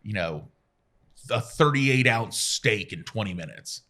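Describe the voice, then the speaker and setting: A man's voice: animated, unhurried, sharp tone. Man in his forties telling stories. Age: 40s. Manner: self-deprecating storyteller, acts out quotes with a jump in pitch. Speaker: guest, radio personality. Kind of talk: casual chat.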